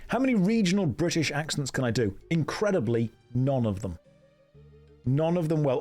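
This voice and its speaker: A man chatting through a video game stream, joking with his viewers as he plays. His delivery swings up and down with lively pitch, and quiet game music runs underneath. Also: normal speed. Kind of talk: casual gameplay commentary.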